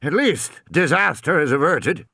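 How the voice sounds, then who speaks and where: A man's voice: fairly high pitch, expressive, unhurried, vocal fry, sharp tone, slightly rough, no echo, studio quality, voice pushed up, full character voice. A man reading an audiobook, voicing a fussy, self-important old man who speaks stiffly. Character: fussy, stiff old male park owner.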